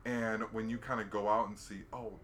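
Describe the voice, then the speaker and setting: American man, casual storyteller, lowish bright voice, faint room noise. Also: normal speed. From United States. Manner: animated storyteller who acts out quotes with sudden loud laughs. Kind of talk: casual chat.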